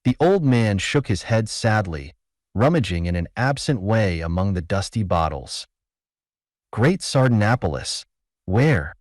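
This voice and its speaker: A man reading a classic short story aloud as narrator, in a measured, expressive way. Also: fairly low pitch, dry recording, clean studio sound.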